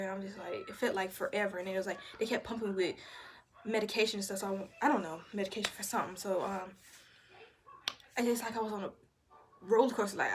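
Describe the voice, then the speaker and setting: A young woman with a mid-range voice casually tells the camera her birth story, candid and profane, animatedly acting out what other people said. Slight background noise is present.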